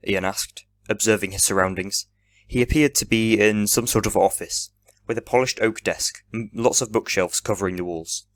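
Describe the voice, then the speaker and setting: A young man reading a fan-written story aloud in steady storybook narration. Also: on the low side, normal speed, dry recording.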